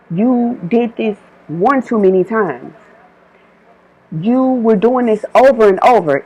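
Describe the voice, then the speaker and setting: A woman's voice: a little high, dark tone, breathy edge, muffled recording. A woman delivering an informal channeled spiritual message, emphatic and repetitive, switching between her own words and quoted divine warnings.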